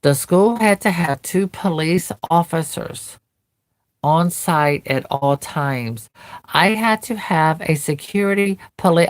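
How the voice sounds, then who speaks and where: A woman's voice: lowish voice, dry recording. A woman vlogger earnestly recounting a painful memory, telling it in vivid present tense. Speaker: doll collector vlogger. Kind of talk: personal storytelling to camera.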